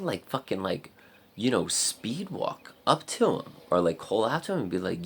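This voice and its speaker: A man with a very deep, gravelly voice rambles through a casual vlog story. He fills his talk with "like" and swears freely, with a faint hiss of noise behind him. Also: sing-song, normal speed, a bit bright. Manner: rambling, heavy use of "like" and swearing. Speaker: vlogger.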